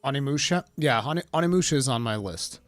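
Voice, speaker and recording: A man's voice: medium pitch, quick pace, dry recording, soft background music. A man hosting a casual live stream, rambling through gaming news and reading chat aloud. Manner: rambling, reads chat aloud, bursts of laughing excitement.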